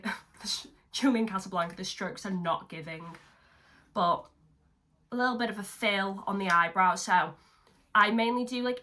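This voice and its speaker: Her medium-pitched voice comes across pushed and bright. This young makeup vlogger sits at home doing a tutorial, chatting in a casual way, ribbing herself and swearing every so often.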